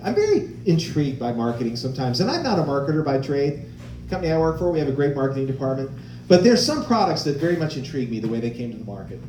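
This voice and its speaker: A man's voice: fairly high pitch, reverberant, recorded from a distance. A man performing a stand-up comedy set, telling stories and acting out other people's voices.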